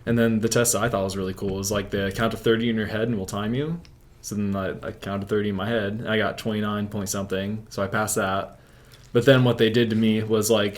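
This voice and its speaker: A man's voice: lowish voice, fairly even intonation, quick pace. A young man telling a story as an interview guest, rambling, with filler "like" in nearly every sentence. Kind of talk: casual storytelling.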